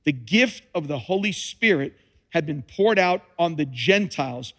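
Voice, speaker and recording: A man's voice: a little high, lively intonation, measured pace, a bit bright. A man preaching a sermon, reading scripture dramatically with emphatic repetition and touches of humor. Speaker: pastor. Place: church sanctuary. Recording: long reverb of a large hall.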